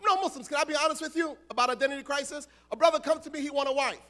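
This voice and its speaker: A man from the United States, an imam, preaching a sermon in an animated, humorous way and addressing the crowd directly. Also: very high voice, rapid-fire.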